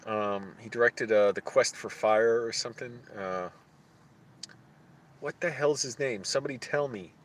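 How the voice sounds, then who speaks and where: A man streaming live, thinking aloud in casual chat, halting often as he searches for names. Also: mid-range voice.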